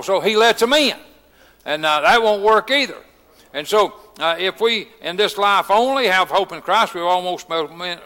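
A man's voice: sits high, sharp tone, in a large hall. A man preaching a sermon in a folksy way, full of "uh" fillers and rising into fervent testimony. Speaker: pastor.

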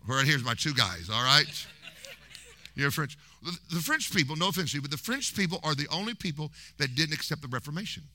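A man preaching a sermon in a church, telling history as an animated, humorous story and mimicking voices. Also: a little high, a little fast, no echo.

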